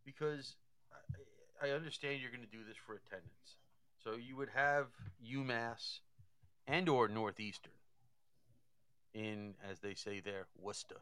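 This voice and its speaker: A man's voice: medium pitch, a little slow, long pauses, sharp tone, smooth, dry recording. A man giving casual hockey analysis, thinking aloud and often repeating words as he goes. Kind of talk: casual sports talk.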